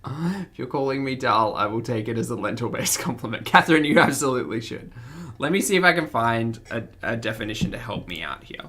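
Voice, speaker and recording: A woman's voice: extremely low pitch, animated, fairly quick, fairly bright tone. An Australian woman with a mild accent, chatting casually with her livestream audience and laughing often as she reads the chat. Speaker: streamer.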